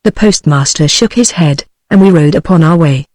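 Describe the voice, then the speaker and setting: A text-to-speech woman's voice with a British English accent, reading a classic novel aloud at an even, steady cadence. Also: sits low, normal speed, no room sound, low-quality recording. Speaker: audiobook narrator.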